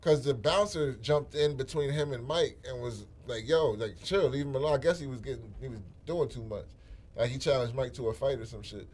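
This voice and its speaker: A man's voice: mid-range voice, brisk, darkish tone, slight background noise. A man hosting a casual podcast chat, talking bluntly and profanely and telling stories with animation. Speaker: podcast host.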